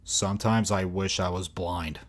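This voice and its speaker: A man's voice: low voice, steady tone, measured pace, noisy background. A man reviewing video clips in mocking, exasperated commentary, swearing often. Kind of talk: sarcastic commentary over clips.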